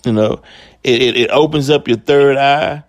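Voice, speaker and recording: A man hosting a casual radio talk, affirming his guest and speaking in an unhurried way. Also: mid-range voice, dry recording. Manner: affirming, says "right" a lot, unhurried.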